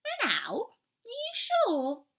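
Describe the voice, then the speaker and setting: A woman's voice: extremely high pitch, huge pitch swings, slow pace, vocal fry, fairly bright tone, voice pushed up, exaggerated voice. A woman voicing a bossy little girl who knows it all, in a storybook reading. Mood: surprised. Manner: bossy, matter-of-fact.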